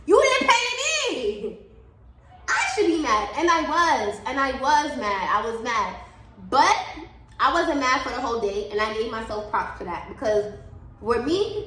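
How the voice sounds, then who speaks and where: A woman's voice: sits high, bright, forceful tone, reverberant, poor audio. A woman hosting a podcast, telling a story in a casual monologue, blunt and profane as she vents her exasperation. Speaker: podcast host.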